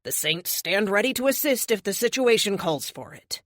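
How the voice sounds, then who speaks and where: A woman voicing an older male superhero team leader, formal and measured on a call. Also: high voice, animated, fairly bright tone, no echo, studio quality.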